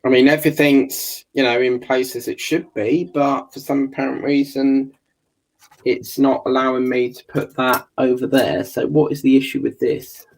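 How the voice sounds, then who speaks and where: A man with a gravelly voice, chatting casually while building a scale model kit and muttering and swearing under his breath. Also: mid-range voice, little pitch movement, moderate pace, low-quality recording. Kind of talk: casual build video chat.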